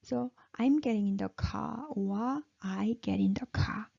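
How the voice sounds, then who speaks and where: Korean-accented woman teaching pronunciation, gravelly. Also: medium pitch, measured pace, dark tone. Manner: demonstrates syllables and praises the learner. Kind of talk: pronunciation lesson. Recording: dull lo-fi sound.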